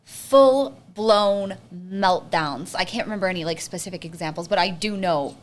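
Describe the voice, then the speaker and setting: A young adult woman co-hosting a podcast, telling stories in a dramatic, expressive way in casual chat. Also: fairly low pitch, normal speed. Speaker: podcast co-host.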